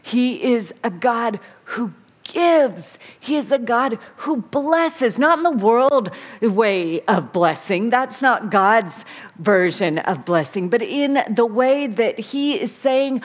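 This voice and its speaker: A woman pastor preaching a sermon, dramatic and swinging between soft and emphatic. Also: a little high, lively intonation, slow.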